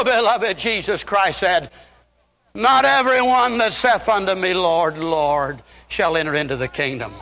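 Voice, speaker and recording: An older man preaching a fiery sermon, swinging from loud impassioned peaks down to low, quiet asides.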